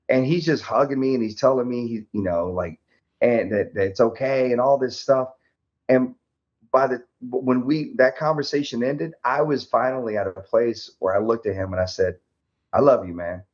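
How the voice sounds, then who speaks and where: A man guest telling a personal story candidly in an interview, lively and laughing often, acting out the dialogue. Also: medium pitch. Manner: animated, laughs often, acts out quoted dialogue. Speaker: podcast guest, army veteran. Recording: slightly dull lo-fi audio.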